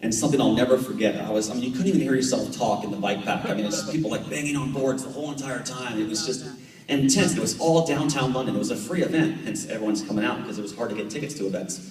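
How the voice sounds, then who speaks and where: A man's voice: medium pitch, fast talker, recorded from a distance. Chatty man in his thirties, echoey room. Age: 30s. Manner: chatty, jokey, animated anecdotes. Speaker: Olympic triathlete guest speaker. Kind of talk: storytelling talk to a club. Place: meeting room. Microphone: far camera.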